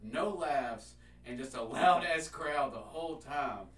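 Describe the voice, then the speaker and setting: A man's voice: mid-range voice, animated, a little slow, a bit bright. Young man, Middle Tennessee accent, laid-back comedian, echoey room, far from the mic. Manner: laid-back storyteller, swears casually. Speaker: comedian guest. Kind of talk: casual podcast chat. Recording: roomy, distant mic, crowd noise.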